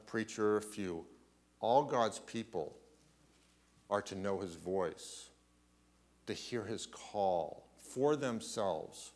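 A man preaching a sermon, asking rhetorical questions and often clearing his throat. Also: on the low side. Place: church.

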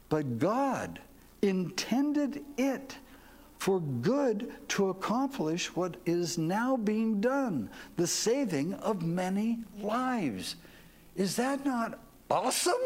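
A man's voice: high voice, big pitch swings, slow, darkish tone. A man preaching a sermon as pastor, folksy and leading the congregation to repeat lines after him.

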